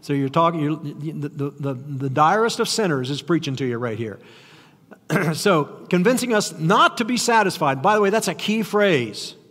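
A man's voice: a little high, animated, normal speed, fairly bright tone. An older man preaching a sermon in a conversational, self-deprecating way, stumbling over restarts and tossing out rhetorical questions. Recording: long hall reverb.

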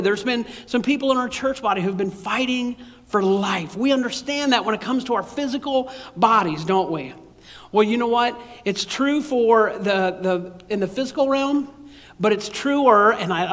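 A male pastor with a notably high voice delivers a casual, conversational sermon. He stumbles and repeats words and laughs at his own jokes. His voice rings out with the long reverb of a big hall. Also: fairly bright tone.

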